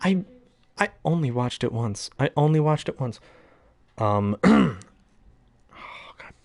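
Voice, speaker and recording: A man's voice: mid-range voice, lively intonation, slow pace, creaky, a little mellow. Rambling, chuckling young man. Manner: rambling, chuckling, self-deprecating. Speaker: hobby voice actor. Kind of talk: casual chat about voices and impressions.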